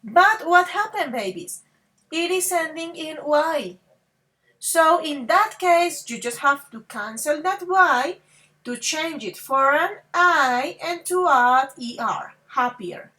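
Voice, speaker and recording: Woman, English teacher, affectionate, halting restarts, crisp bright tone. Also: high voice, animated. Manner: affectionate, calls students babies and dears; repeats okay and halting restarts. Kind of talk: grammar lesson to students.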